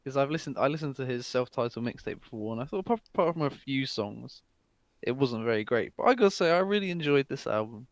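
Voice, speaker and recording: A man's voice: mid-range voice, expressive, quick pace, dry recording. A man with a mid-range voice co-hosts a music podcast. He talks in an easygoing, casual way and drops short, offhand quips. The recording is dry and close. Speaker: podcast co-host. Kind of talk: casual chat.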